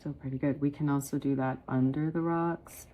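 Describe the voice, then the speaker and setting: Calling her audience "guys," a middle-aged art teacher guides viewers through a watercolor painting one step at a time in a chatty, encouraging way. Her low voice holds a steady tone at a moderate pace, and the highs are cut off.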